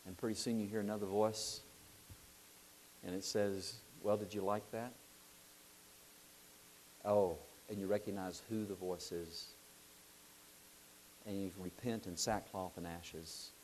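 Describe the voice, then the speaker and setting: A middle-aged man preaching a sermon, telling a lively story, acting out voices and asking his listeners questions. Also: sits low, a little slow, pauses often, a little hiss or hum.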